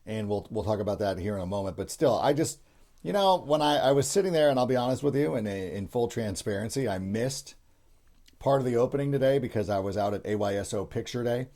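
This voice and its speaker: Animated and fast, this middle-aged sports podcast host has a mellow, mid-range voice. His casual talk wanders, full of restarts and filler words.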